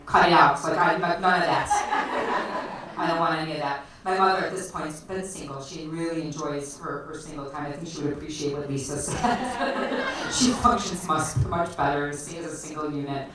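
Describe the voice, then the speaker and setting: At a storytelling night in a bar venue, a woman from the Chicago area tells a personal story on stage, chatty, laughing often, and full of fillers. Her low-pitched voice is fairly bright and moves at normal speed. The distant mic picks up an echoey live room and faint noise.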